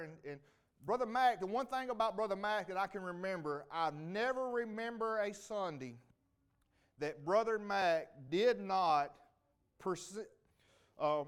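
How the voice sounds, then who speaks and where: A man's voice: high-pitched, clear, resonant tone. Folksy man telling church memories. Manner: folksy, rambling, with many restarts. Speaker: church member giving a homecoming testimony. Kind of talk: homecoming testimony to a congregation. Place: church sanctuary.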